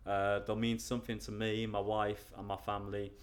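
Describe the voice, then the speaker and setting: Here an English man on the low side of pitch replies to an interviewer in a level tone at moderate pace. He's casual and tentative, often beginning again and laughing at himself sheepishly.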